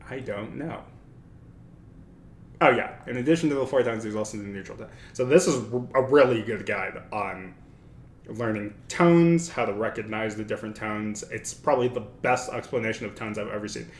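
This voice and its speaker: A man's voice: lowish voice, moderate pace. A man hosting a casual study livestream, thinking aloud and correcting himself as he talks. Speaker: livestream host. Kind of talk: casual study-stream talk. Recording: echoey room with faint noise.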